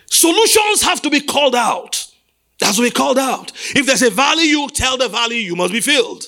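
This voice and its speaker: A man preaching a sermon as pastor, emphatic and repetitive, building up to shouts. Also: very high voice. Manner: emphatic, repeats phrases, rises to shouts.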